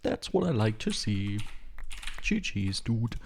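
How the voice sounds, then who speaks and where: A man's voice: lowish voice, big pitch swings, takes it slowly, vocal fry, a little hiss or hum. A man live-streaming a game from his home, rambling and joking to his chat with frequent chuckles. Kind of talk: live gaming stream chatter. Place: home room, alone.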